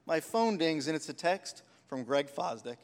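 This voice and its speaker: A man's voice: fairly high pitch, lively intonation, moderate pace, long reverb tail. A man preaching a sermon, telling personal stories with heartfelt, rising emphasis. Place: church sanctuary.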